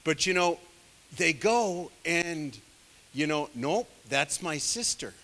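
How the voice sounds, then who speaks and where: A man's voice: fairly high pitch, animated, takes it slowly, a bit bright, in a large hall. A man leading a casual Bible study, talking in a rambling, digressive and self-deprecating way, full of conversational asides. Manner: many fillers, conversational asides. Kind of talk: casual teaching sermon.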